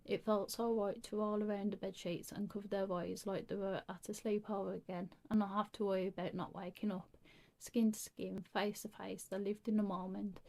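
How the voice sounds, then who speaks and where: A woman's voice: mid-range voice, darkish tone. A woman reading a creepy story aloud, stumbling and restarting often.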